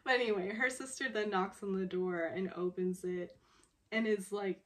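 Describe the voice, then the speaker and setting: Slight background noise sits under this woman's medium-pitched, fairly bright voice, which stays steady at a normal speed. She's a vlogger chatting through a drama episode recap, giggling a lot and rambling with many fillers.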